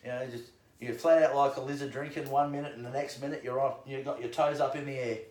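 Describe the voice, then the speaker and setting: A man's voice: mid-range voice, steady tone, quick pace, darkish tone. An Australian man hosting casual, crude drinking banter, joking and laughing often. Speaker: podcast host. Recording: echoey room.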